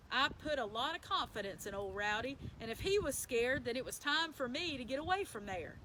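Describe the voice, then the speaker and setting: A woman's voice: high voice, bright, forceful tone, a little hiss or hum, rough recording. A woman reading a children's novel aloud as a bedtime story, in a plain storytelling manner with small slips and self-corrections. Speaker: story reader.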